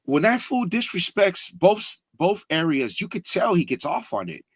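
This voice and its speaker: A man's voice: high-pitched, sing-song, moderate pace, a bit bright, breathy edge, no room sound. A man in casual podcast chat, talking bluntly and profanely and often tacking "bro" onto his sentences. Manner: blunt, profane, keeps saying "bro" and "fool".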